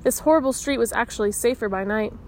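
A woman's voice: fairly high pitch, fast, slight background noise. Woman reading a children's novel aloud. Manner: expressive reading with voiced dialogue. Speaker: audiobook reader.

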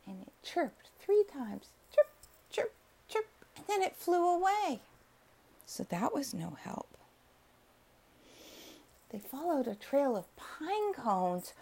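A woman narrating a bedtime story softly and slowly, often sinking into whispers. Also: sits high. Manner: soft and slow, dropping to whispers.

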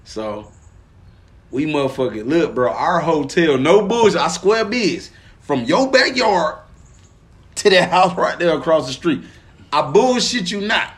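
Man, podcast co-host, from Arkansas, casual storytelling, slangy, profane, higher-pitched voice. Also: a little slow. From Pine Bluff, Arkansas, US. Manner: animated, profane, slangy, often lowers voice then bursts up laughing.

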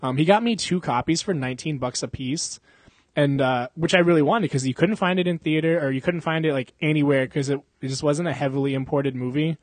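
A man's voice: a little high, brisk, no room sound. A young man chatting casually as a podcast host, rambling and swearing, with frequent laughs. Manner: rambling, profane, laughing often. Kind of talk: casual chat.

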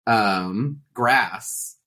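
A woman's voice: a bass voice, extremely slow, a bit bright. A woman co-hosting a podcast in casual chat, eagerly chiming in with her own asides. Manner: eager, chimes in with interjections. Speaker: podcast co-host.

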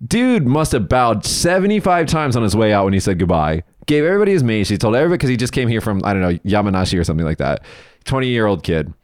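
A man's voice: fairly low pitch, sing-song, fast talker, no room sound, studio quality. A man hosting a casual chat, telling stories bluntly with lots of swearing and acted-out quotes. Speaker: podcast host. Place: lives in Japan.

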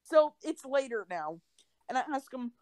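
A woman's voice: high voice, sing-song, normal speed, darkish tone, no echo. A young woman chatting on a casual podcast, telling rambling stories full of restarts and quoted voices. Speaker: podcast co-host. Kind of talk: casual chat.

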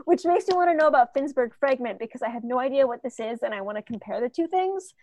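A woman with a soft lilt, chatting excitedly and gushing over what she reads. Her voice sits a little high and comes across dry and close, with no room around it. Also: fast, dry recording. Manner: gushing, excitable, talks with "like" fillers. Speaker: podcast co-host. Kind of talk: casual chat.

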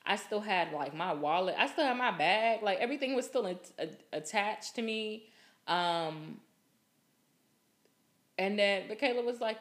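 A woman's voice: medium pitch, expressive, moderate pace, a bit bright. A young woman hosting a podcast, telling a story in a casual, profane, laughing way. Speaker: podcast host.

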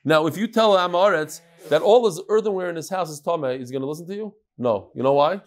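Animated high-voiced Talmud teacher. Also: male voice, fast talker. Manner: animated, acts out the sages' voices, mixes Hebrew and Aramaic terms.

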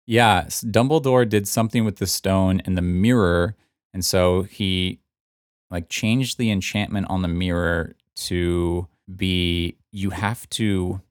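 A man hosting a casual podcast, explaining in a relaxed way and laughing easily. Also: low-pitched, dry recording, studio quality. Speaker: podcast host, book fan.

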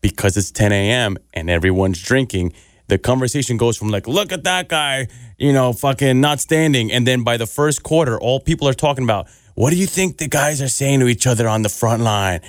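A man's voice: medium pitch, a little fast, no room sound, studio quality. A man co-hosting a casual comedy podcast, laid-back, laughing often and swearing casually. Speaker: podcast co-host.

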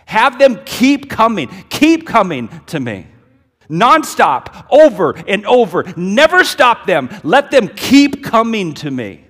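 A preacher voicing an urgent adult male teacher who insists the children keep coming to him, calling out loudly. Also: high voice, wildly swooping pitch, slow, pitched above the performer's own voice, full character voice. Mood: insistent. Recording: echoey hall with long reverb.

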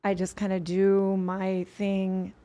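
A woman's voice: medium pitch, completely flat delivery, slow, warm tone. A woman guest on a podcast, telling a personal story earnestly, rambling and restarting her sentences often.

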